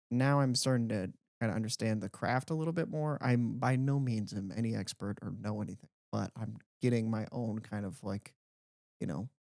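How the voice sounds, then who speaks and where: A young man co-hosting a podcast, telling stories in a casual, animated way with lots of "like". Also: lowish voice, vocal fry, no room sound, studio quality. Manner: animated storyteller, heavy use of "like". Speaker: podcast co-host. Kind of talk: casual chat.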